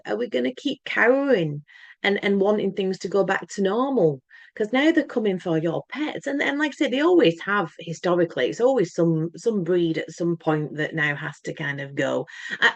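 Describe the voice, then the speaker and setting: Woman, gravelly voice, rambling monologue, many restarts, emphatic, dry sound. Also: medium pitch, lively intonation, normal speed, dry recording. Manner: earnest, emphatic. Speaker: channel host. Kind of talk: casual monologue to camera.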